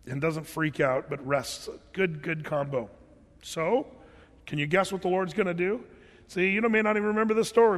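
A man with a slightly high voice gives a relaxed, talky Bible lesson, switching into little acted voices for the people in his stories. His words ring out with a long reverb, as if spoken in a large hall. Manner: conversational, animated, acts out quotes. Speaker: Bible teacher. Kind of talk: casual sermon teaching.

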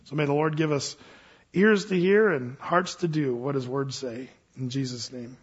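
A man preaching a sermon to his congregation, telling a story in an earnest, animated way. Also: medium pitch, moderate pace, slightly rough, highs cut off. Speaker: pastor.

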